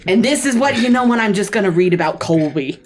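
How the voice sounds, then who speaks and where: A woman's voice: medium pitch, sing-song, normal speed, lightly acted. A woman voicing a lazy, bookish snake husband who defends himself in a whiny, blustering way.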